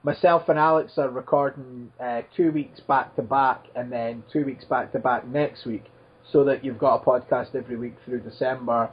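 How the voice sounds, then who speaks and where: A man with a husky, breathy voice reads listener questions on a podcast. He hesitates with frequent "uh" and "um". The sound is dull and lo-fi. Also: medium pitch, steady tone, moderate pace. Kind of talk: casual chat.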